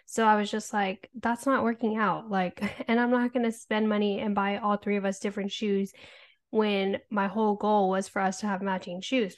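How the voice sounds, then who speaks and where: A woman podcast co-host, a mother in her thirties, talking candidly in a rambling, casual way and swearing often. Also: mid-range voice. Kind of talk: casual chat.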